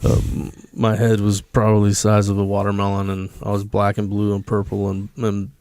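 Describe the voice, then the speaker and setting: A man's voice: on the low side, monotone, fairly quick, a little mellow, dry recording. A man, a podcast guest, telling a story in a casual, blunt and emphatic way, swearing freely.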